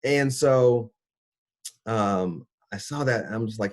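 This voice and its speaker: A middle-aged man, a doctor, telling his own health story in a casual, animated way, acting out his reactions. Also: slow pace. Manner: animated, acts out his own reactions with big pitch jumps. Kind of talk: personal storytelling talk.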